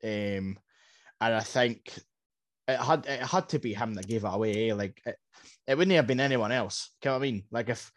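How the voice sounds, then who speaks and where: A Scottish man on a podcast, chatting about football in an animated, rambling way. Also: mid-range voice, normal speed, no room sound. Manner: animated, rambling, repeats words. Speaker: podcast co-host. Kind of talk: casual football chat.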